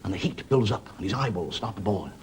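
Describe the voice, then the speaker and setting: A man's voice: fairly low pitch, animated, quick pace, a little mellow, slight background noise. A middle-aged man hosting a television comedy show, telling wandering, dry anecdotes in front of a studio audience. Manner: dry, wandering anecdotes with put-on voices for characters. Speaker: comedian host. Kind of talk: stand-up storytelling monologue.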